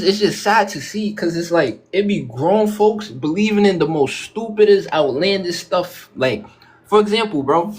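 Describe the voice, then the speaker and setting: High-voiced blunt male caller. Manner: blunt and insulting, filler-heavy. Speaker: panel caller. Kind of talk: heated live-stream argument.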